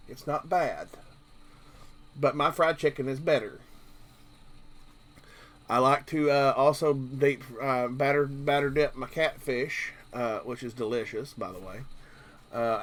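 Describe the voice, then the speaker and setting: A man's voice: medium pitch, unhurried, long pauses, a bit bright. A man from Kentucky with a Southern drawl, hosting a casual live stream and rambling along jokingly with lots of fillers. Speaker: livestream host.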